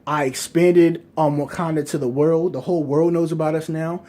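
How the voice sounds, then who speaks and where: A man's voice: a little high, steady tone, moderate pace, dark tone, close to an everyday voice. A man voicing an earnest young male king who pleads with his cousin for help. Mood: pleading.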